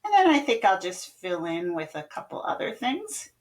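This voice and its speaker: A woman music teacher with a medium-pitched voice that swoops wildly speaks at a normal pace during an online lesson. She patiently explains note values, sings out rhythms, chants rhythm syllables for students to echo, and makes playful game calls.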